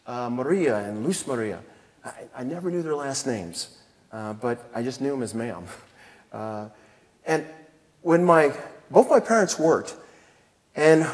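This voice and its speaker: A man's voice: a little high, a little mellow. A man in his fifties, a commanding general, giving a keynote speech on a theatre stage and telling self-deprecating personal stories with frequent chuckles. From El Paso, Texas. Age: 50s. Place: theatre stage before an audience. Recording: long theatre reverb.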